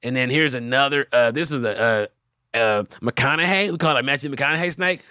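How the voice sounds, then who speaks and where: A man's voice: medium pitch, a little fast, pushed and bright, clear, resonant tone, no room sound, clean studio sound, close to an everyday voice. A man doing a comic voice-over as a rambling male snake breeder who stumbles over his words with many fillers. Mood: boastful. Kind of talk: comedic voice-over dubbing a video.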